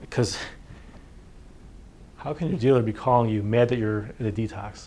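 A man's voice: lowish voice, moderate pace, warm tone, slight background noise. A man, a physician, giving an informal workshop talk on addiction, conversational and full of fillers. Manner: conversational, full of fillers, acts out patients' words. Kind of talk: informal lecture.

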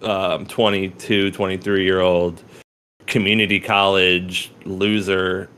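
A young man with a low-pitched voice talks loosely about poetry, circling back on himself, restarting sentences and dropping casual swears. He laughs as he goes and keeps a relaxed, unpolished conversational flow. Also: slow, clean tone. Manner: rambling, profane, laughs often, many restarts. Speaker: podcast co-host.

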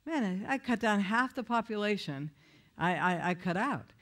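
A woman's voice: mid-range voice, expressive, normal speed, a bit bright. A woman speaking about recovery in a plain conversational manner. She is earnest and candid, and often stops to restart her sentences. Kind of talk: conversational testimony talk.

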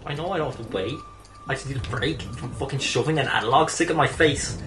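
A man's voice: medium pitch, animated, fast, echoey room, low-quality recording. A man casually commenting on his own gameplay, exasperated and swearing often, with sudden squeals and laughs of frustration. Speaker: let's play gamer.

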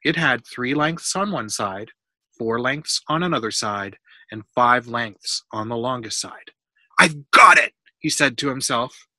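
Man reading a storybook to a kid, patient and explanatory; very bright tone, dry close mic. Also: medium pitch, measured pace, no echo. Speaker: reading aloud to a child. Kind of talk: storybook read-aloud with math questions.

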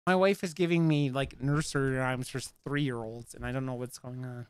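A man's voice: mid-range voice, fairly even intonation, moderate pace, smooth, no echo. A man streaming a horror game, joking crudely with lots of swearing and reading the in-game notes aloud in a casual way. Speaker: let's play streamer. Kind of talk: casual gameplay commentary.

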